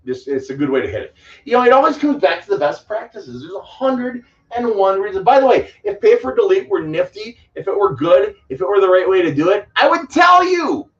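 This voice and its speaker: A man coaching on credit repair in a live question-and-answer stream, blunt and emphatic, rambling between points with sudden loud outbursts. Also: high-pitched, lively intonation, brisk. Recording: distant mic, dull muffled sound.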